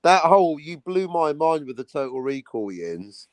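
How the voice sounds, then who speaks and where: A man's voice: on the high side, sing-song, normal speed, no echo, low-quality recording. A man hosting a casual livestream, rambling and joking, swearing often as he talks about his comic. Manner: rambling, jokey, swears a lot. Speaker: livestream host and comic creator.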